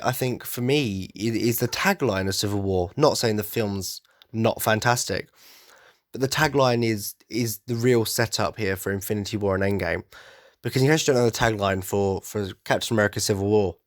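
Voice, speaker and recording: A man's voice: on the low side, no room sound, studio quality. A man talking on his own podcast in a loose, rambling way, stumbling and restarting as his enthusiasm runs ahead of him. His voice sounds a bit blocked up and nasal from hay fever. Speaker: podcast host. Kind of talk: casual solo podcast monologue.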